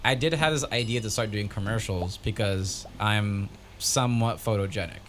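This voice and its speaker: This is a man with a voice on the low side, co-hosting a casual podcast. He tells his stories in a lively way and slips into the voices of the people in them. A faint hiss sits under the recording. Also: moderate pace. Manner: animated storyteller, acts out quoted voices. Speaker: podcast co-host. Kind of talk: casual chat.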